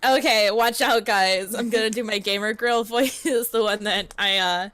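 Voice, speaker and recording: A woman's voice: mid-range voice, normal speed, fairly bright tone, no echo. A woman co-playing on a live stream, chatting casually in a giggly, hesitant way. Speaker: co-player on a stream. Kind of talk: casual chat.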